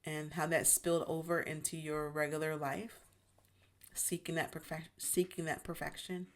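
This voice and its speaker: Low-voiced woman sharing gentle reflections. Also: level tone, moderate pace. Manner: gentle, self-reassuring, many restarts. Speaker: YouTube channel host. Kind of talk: reflective personal monologue.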